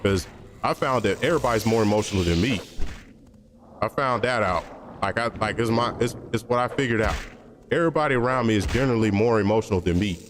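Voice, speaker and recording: A man's voice: on the low side, fast, in a large hall, background noise. A man streaming and chatting casually, blunt and opinionated, rambling with slang and profanity.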